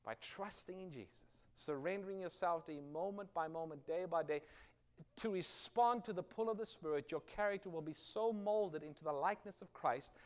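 A man's voice: sits high, moderate pace. A middle-aged man preaching a sermon, reading scripture with rising force and telling a personal story. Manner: earnest storytelling preacher, rises loud on quoted scripture. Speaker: pastor.

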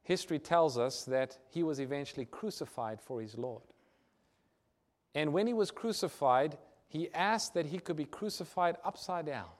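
A man preaching a sermon, acting out quoted dialogue and swinging from loud declarations to hushed, quiet lines. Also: on the high side, lively intonation, moderate pace.

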